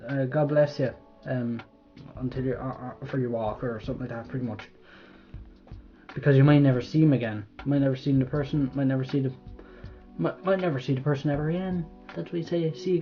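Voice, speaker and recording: In lo-fi sound, a young man from Ireland rambles casually through a quiz for his vlog, swearing freely and trailing off mid-thought. His voice is mid-range.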